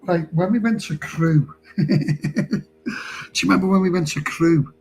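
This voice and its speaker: Scouse male streamer, rambling anecdote, higher voice, faint background hiss. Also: measured pace, a little mellow, low-quality recording. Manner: chatty, rambling, laughs while telling. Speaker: live streamer. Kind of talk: casual storytelling on a live stream.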